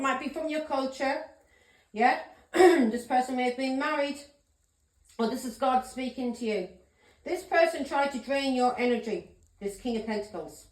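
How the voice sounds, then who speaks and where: A woman's voice: sits high, echoey room. A woman giving a tarot reading vlog, a blunt, ranting straight talker who swears freely. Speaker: tarot reader.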